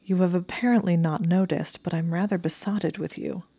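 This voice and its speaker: A woman voicing a clever, sharp-tongued young witch, brisk, teasing and quick to take offence. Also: on the low side, fairly even intonation, husky, no room sound.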